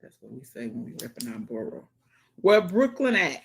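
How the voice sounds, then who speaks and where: New lady chatting on her livestream, voice jumps all over, bit husky, greets folks by name. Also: very deep voice, very animated, normal speed. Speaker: livestream host. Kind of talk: casual livestream chat reading comments.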